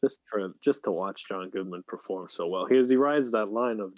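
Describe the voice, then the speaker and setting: A man's voice: lowish voice, moderate pace, a little mellow, no room sound, low-quality recording. Podcast co-host, male, matter-of-fact explainer, dry close mic. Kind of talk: casual chat.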